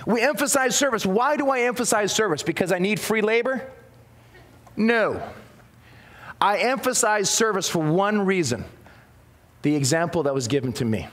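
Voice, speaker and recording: A man with a high, emphatic preaching voice delivers a sermon in a church sanctuary. He leans on repetition and slips in folksy, down-to-earth asides as he talks to his congregation. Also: a bit bright. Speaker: pastor.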